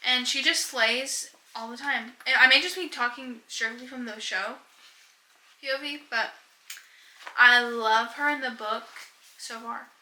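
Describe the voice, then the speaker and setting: A woman's voice: on the high side, a little slow, bright, forceful tone, echoey room, rough recording. A young woman chatting casually about books on a vlog, rambling and giggling as she goes. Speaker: book vlogger. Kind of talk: casual chat.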